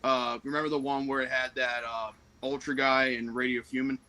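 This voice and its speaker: A man's voice: mid-range voice, flat delivery, moderate pace, pushed and bright, rough recording. A man from the American South with a light Southern accent, chatting hesitantly as a livestream guest. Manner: hesitant, many fillers and restarts. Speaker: guest and stream moderator. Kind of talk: casual livestream chat.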